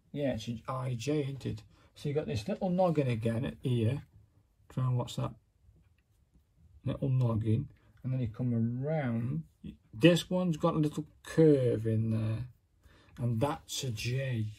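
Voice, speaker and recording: A man's voice: medium pitch, vocal fry, warm tone, breathy edge. A man casually demonstrating his work step by step, chatty and self-critical as he narrates each move. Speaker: calligraphy hobbyist demonstrating.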